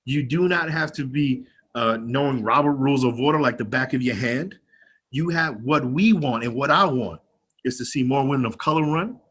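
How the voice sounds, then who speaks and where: A man's voice: mid-range voice, normal speed, a bit bright, breathy edge. Blunt young man with a twang, rousing. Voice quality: a twang in his voice. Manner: candid and blunt, swears freely, rousing. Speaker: county legislator speaking to an activist group. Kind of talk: personal speech at an online meeting. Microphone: video call.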